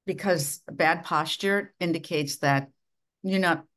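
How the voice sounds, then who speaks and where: A middle-aged woman from Minnesota, a leadership coach giving measured, instructive advice as a podcast guest. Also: fairly bright tone. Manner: measured, instructive, dramatic swings of pitch and volume. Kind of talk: podcast interview.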